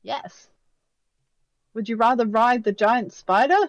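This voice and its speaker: A woman playing a tabletop game, describing her horse character quickly and animatedly, with sound effects. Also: a little high, fairly even intonation, dry recording, low-quality recording. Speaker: player.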